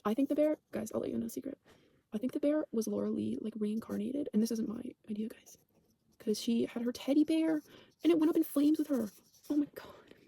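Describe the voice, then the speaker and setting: A woman rambles through a casual TV recap, peppering it with "like", swearing and stopping to correct herself. Her voice sits a bit high, mellow in tone, with a gravelly fry running through it. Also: fairly quick, a little hiss or hum. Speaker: channel host recapping a TV show.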